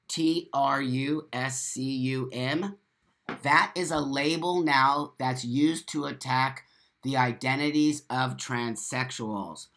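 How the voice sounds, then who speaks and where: A middle-aged man hosts a casual live stream, reading viewer comments out loud. He talks in a blunt, profane way. He repeats himself for emphasis and speaks directly to each commenter. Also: fairly high pitch.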